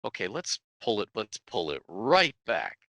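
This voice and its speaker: Animated male guest author, lowish bright voice, laughs a lot. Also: a little slow, gravelly, no room sound. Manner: animated storyteller, laughs often, acts out quotes. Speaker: guest game-world author. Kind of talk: casual podcast interview.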